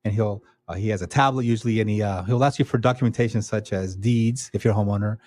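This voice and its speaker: Fast-talking man giving practical advice. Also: lowish voice, a little mellow, no echo. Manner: explanatory, gives practical step-by-step advice. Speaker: disaster agency official, guest. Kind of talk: casual radio interview. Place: radio studio.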